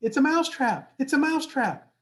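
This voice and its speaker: A man voicing a frantic little male mouse in a spoken story, yelling in alarm in a much higher voice. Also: very animated, brisk. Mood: panicked.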